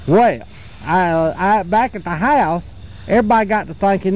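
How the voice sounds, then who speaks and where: A man telling a repetitive folk tale around a campfire outdoors, in a folksy, drawn-out way. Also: sits high, poor audio. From North Carolina. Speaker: storyteller.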